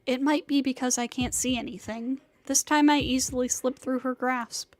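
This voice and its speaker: A woman streamer reading a visual novel aloud in measured, dramatic first-person narration, over music. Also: high-pitched, steady tone, darkish tone, slight background noise. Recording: music playing behind.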